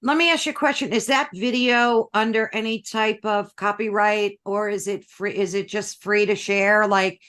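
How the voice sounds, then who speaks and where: A woman's voice: medium pitch, steady tone, normal speed, hardly any pauses, a bit bright, smooth. A woman hosting an interview, asking casual questions and adding brief reactions. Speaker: interviewer, host.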